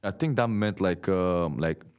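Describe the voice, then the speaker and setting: A young man from Togo chatting casually on a podcast, animated, often jumping up in pitch to imitate the way people talk. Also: measured pace, clean tone. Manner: animated, mimics accents with sudden high pitch jumps. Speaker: podcast guest. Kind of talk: casual chat.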